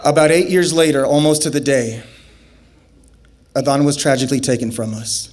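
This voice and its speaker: A man telling a comic story live on a festival stage, animated and acting out the scenes. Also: medium pitch, moderate pace.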